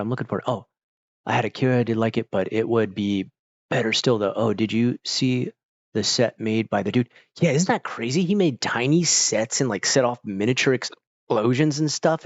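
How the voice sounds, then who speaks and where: A man's voice: mid-range voice, dry recording, lo-fi sound. A man chatting casually with his stream viewers, rambling with lots of fillers while fighting off hiccups. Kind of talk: casual chat.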